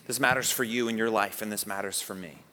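A man preaching a sermon in a church sanctuary, animated and conversational, with rhetorical questions. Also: fairly low pitch, quick pace, in a large hall. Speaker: pastor.

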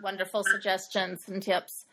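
A woman interviewer asking a guest a question in a measured, soft-spoken way. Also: medium pitch, monotone, poor audio.

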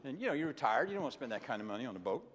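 A man's voice: medium pitch, big pitch swings, racing. Older male preacher in a reverberant hall. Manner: earnest storytelling with repeated words. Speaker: retired pastor preaching. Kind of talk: sermon with personal anecdotes. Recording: long reverb of a large hall.

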